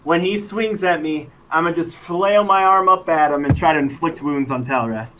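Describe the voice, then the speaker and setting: A young man playing a tabletop game with friends, excitable and swearing as his rolls come up. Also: fairly high pitch, moderate pace, rough recording. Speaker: player. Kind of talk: casual game chat.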